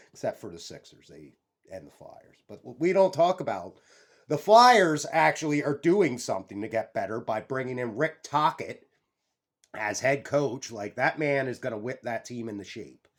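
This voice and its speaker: A young man hosting a casual vlog, rambling and excitable, swearing freely and jumping off on tangents. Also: mid-range voice. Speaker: YouTube channel host.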